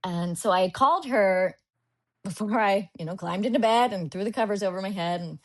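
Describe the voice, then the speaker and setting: A woman's voice: medium pitch, normal speed. A young woman in her twenties telling a personal story as a guest on a podcast interview, acting out her past thoughts as she goes.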